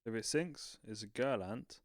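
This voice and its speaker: A man's voice: mid-range voice, no room sound. Man, podcast co-host, easygoing, dry recording. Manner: easygoing, quick to react with laughs. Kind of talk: casual chat, telling jokes.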